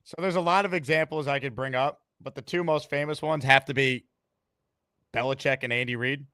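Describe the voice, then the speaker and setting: A man's voice: medium pitch, steady tone, a little fast, bright, forceful tone, no echo. A man hosting a sports podcast, talking brashly and theatrically, taking calls and reading out comments. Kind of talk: fan podcast monologue and call-in.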